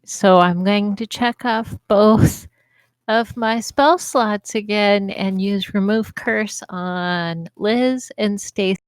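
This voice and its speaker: A woman playing a tabletop game, measured and helpful. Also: mid-range voice, clean tone, dry recording. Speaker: player. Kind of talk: casual tabletop game chat.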